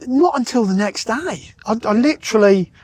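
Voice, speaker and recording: Podcast guest: man, fairly high voice, calm and matter-of-fact, retelling events in casual chat. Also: moderate pace, no room sound. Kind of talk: casual storytelling conversation.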